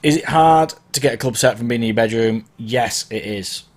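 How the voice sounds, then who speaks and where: A DJ speaks at normal speed in a medium-pitched voice while hosting a live question-and-answer stream. He's easygoing and supportive, chatty with a tendency to wander and self-correct, and his throat is sore from hay fever. A mic under the camera captures him.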